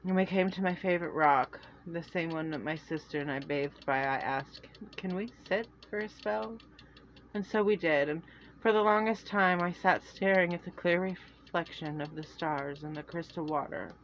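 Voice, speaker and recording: A woman reading her own fantasy novel aloud in first person, earnest and halting with restarts. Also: deep voice, a little hiss or hum, low-quality recording.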